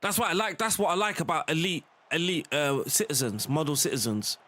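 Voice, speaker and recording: A man streaming a football management game, talking casually and getting excited, at times shouting at the plays. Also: a little high, fairly quick. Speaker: gaming streamer. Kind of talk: live game commentary.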